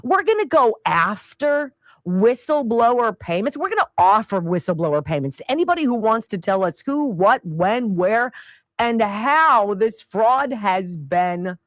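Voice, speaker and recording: A middle-aged woman hosting a talk radio show, delivering a sarcastic, opinionated monologue and slipping into quick voices for the people she quotes. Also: on the high side, big pitch swings, no echo.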